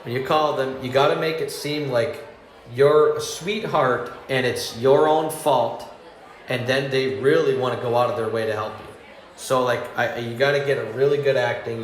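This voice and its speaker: A man doing a stand-up comedy monologue, rambling with fillers and restarts, laughing at his own jokes and acting out customer voices. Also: medium pitch. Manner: acts out angry and sweet customer voices. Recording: roomy ambience with faint noise.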